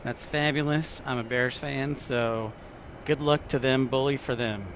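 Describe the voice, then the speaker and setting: A man's voice: medium pitch, fairly even intonation, measured pace, slight background noise. A man hosting a casual live stream, joking around and answering viewers' chat messages. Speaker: livestream host.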